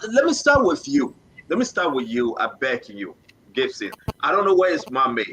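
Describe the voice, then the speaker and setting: A man's voice: fairly high pitch, sharp tone, a little hiss or hum, rough recording. A man hosting a live online political talk show, moderating guests and cutting in firmly. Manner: interrupting, insistent moderator.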